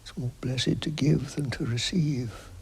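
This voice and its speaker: An older man giving an unhurried spiritual interview, speaking softly and often dropping to a near whisper, reflective and halting with many pauses and fillers. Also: mid-range voice, fairly even intonation, gravelly, slightly rough. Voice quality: soft, partly whispered, halting.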